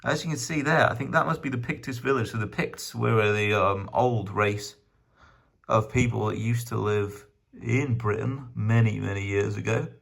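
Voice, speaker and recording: A man's voice: lowish voice, normal speed, creaky, fairly bright tone. A man from Wales, casually rambling and self-deprecating as he shows his map collection in a vlog. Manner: rambling, self-deprecating, chatty with many ums. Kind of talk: casual rambling show-and-tell.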